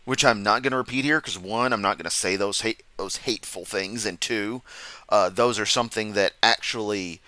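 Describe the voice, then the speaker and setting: A man's voice: fairly low pitch, pushed and bright, no room sound. A man doing casual reaction commentary, rambling off on tangents and laughing at his own jokes, sounding sleepy. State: sleepy, yawning.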